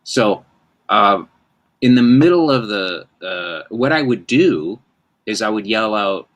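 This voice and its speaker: Host, male, 50s, very deep voice, rambling self-deprecating storyteller. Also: expressive, slow, muffled recording. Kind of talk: casual anecdote-telling chat.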